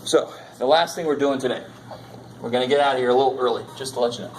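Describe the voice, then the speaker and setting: A man's voice: medium pitch, fairly even intonation, fast talker, a little mellow, a little hiss or hum, rough recording. A man teaching a college math class in a lecture, casual and jokey, swearing now and then. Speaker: math instructor.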